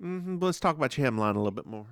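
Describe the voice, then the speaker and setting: A podcast co-host telling stories in casual chat, animated and laughing often. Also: mid-range voice, racing, dry recording, studio quality.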